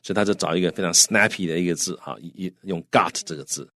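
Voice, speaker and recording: A man's voice: low voice, quick pace, bright, forceful tone, no echo, clean studio sound. A man co-hosting a radio English lesson, recapping each point in Mandarin for the listeners. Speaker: co-host.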